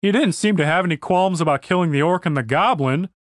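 A man's voice: high-pitched, quick pace, no room sound, clean studio sound, natural voice. A man voicing a nervous young bard who keeps asking worried questions. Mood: uneasy. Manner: anxious, questioning.

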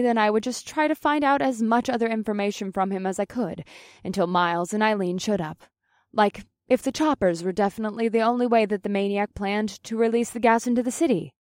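A woman's voice: medium pitch, no echo, studio quality. A woman reading an audiobook in the first person. She is plain-spoken and swears casually. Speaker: audiobook narrator.

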